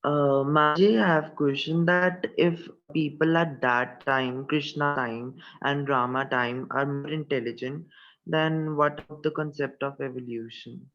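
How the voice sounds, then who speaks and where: A woman's voice: deep voice, steady tone, measured pace, a bit bright. A woman who asks a direct question during an online class. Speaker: class participant asking a question. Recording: dull lo-fi call audio.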